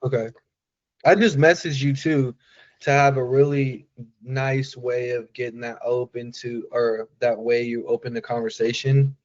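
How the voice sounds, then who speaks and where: A man's voice: medium pitch, level tone, measured pace. A man coaching a sales trainee over a call, casual and full of fillers, acting out sample lines. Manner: casual, filler-heavy, demonstrative. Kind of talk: live coaching on a video call. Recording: muffled lo-fi call audio.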